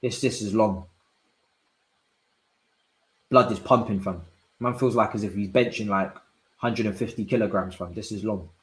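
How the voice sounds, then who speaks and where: A young man reacting live to a football match, swinging from low muttering to loud shouts and using plenty of slang. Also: steady tone, moderate pace, long pauses, reverberant, low-quality recording. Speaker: football watch-along streamer. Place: indoor room at home.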